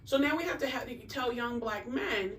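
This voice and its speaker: A woman therapist talking in an animated, filler-heavy conversational way. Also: fairly high pitch, moderate pace, distant mic, slight background noise. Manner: animated, uses many fillers. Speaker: therapist guest. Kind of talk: casual conversation.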